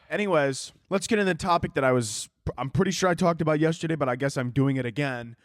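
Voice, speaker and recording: A man with a slightly high, fast voice hosts his own podcast, recorded at studio quality with no echo. Holding a handheld microphone, he rambles through tangents in a jokey, profane, casual solo chat.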